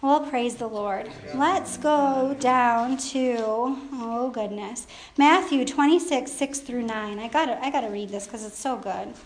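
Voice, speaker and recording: Female preacher, high voice, chatty and emphatic, roomy church sound. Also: a little slow. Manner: conversational, emphatic preaching with asides. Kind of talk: sermon. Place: church service.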